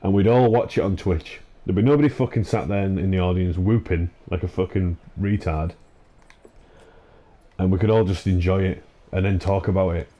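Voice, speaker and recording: Over gameplay footage, a gaming-channel host delivers exasperated, profanity-laced commentary full of fillers and false starts. His voice is low and dark, his pace normal, and the recording sounds muffled.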